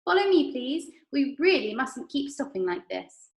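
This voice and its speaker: A woman voicing an eccentric, impatient male chocolate maker, quick and bossy. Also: sits high, very animated, reverberant, voice pushed up. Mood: brisk.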